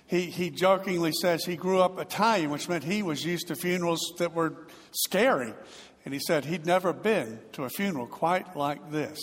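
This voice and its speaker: A man preaching a sermon in a slightly high voice, telling stories with big dramatic swells in volume. His words ring out with a long reverb, as in a large church. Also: normal speed. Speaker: pastor.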